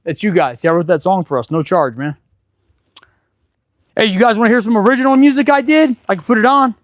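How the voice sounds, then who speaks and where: A middle-aged man, an auto mechanic hosting a casual live stream from his garage, chatting and rambling excitably as he works. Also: high voice, a little fast, no room sound, studio quality. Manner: chatty, excitable and rambling, with sudden loud outbursts. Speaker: auto mechanic and channel host. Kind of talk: casual live-stream chat while working.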